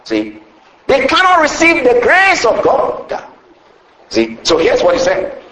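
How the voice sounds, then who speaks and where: A man preaching a sermon, retelling a parable with lively storytelling and a habit of asking "see?" after each point. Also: very high voice, slow pace. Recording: roomy echo.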